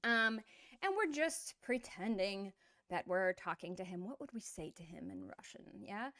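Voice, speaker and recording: A middle-aged woman teaching an online language lesson, explaining in a playful, animated way with quick asides. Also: medium pitch, no echo, clean studio sound.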